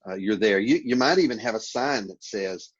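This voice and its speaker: A man giving relaxed, practical advice as a guest in a casual remote interview, often repeating his words as he talks. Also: fairly low pitch, normal speed, breathy edge, dull audio. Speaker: interview guest, productivity speaker.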